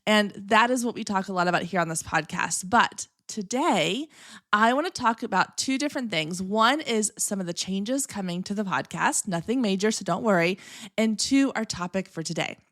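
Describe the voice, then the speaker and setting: A woman's voice: mid-range voice, expressive, normal speed, a bit bright, no echo, studio quality. A woman in her thirties hosting her own podcast, talking in an upbeat, chatty way and admitting she can be long-winded. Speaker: podcast host. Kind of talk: solo podcast talk.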